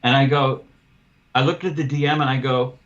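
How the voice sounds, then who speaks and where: A muffled recording captures a man speaking at normal speed with a medium pitch. He hosts a casual podcast and works as a window cleaner, and here he animatedly tells a long, expletive-filled story about losing a cleaning client, voicing both people in the conversation.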